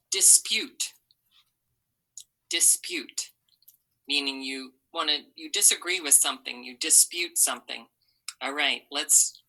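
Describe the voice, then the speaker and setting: A woman teaching a recorded phonics lesson to young children, modeling words slowly syllable by syllable. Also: deep voice, bright, forceful tone, low-quality recording. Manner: slow, patient, syllable-by-syllable modeling. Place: online video lesson.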